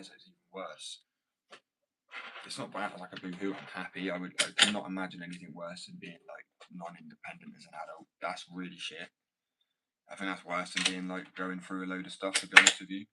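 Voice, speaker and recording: A young British man in casual, rambling chat, full of slang and swearing. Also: low voice. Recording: distant mic with loud background noise.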